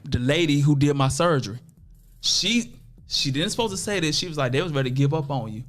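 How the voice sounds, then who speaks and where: A man's voice: fairly high pitch, brisk. A man from Toledo, Ohio, a podcast guest, telling a story in casual, profane street slang and acting out other people's lines. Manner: animated, acts out other people's voices in quotes.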